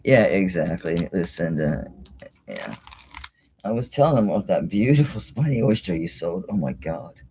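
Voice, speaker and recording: A woman's voice: very deep voice, sing-song, moderate pace, dark tone, a little hiss or hum. A middle-aged woman hosting a live jewelry sale, chatty and exclaiming, with mild swearing. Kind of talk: casual live-stream sales talk.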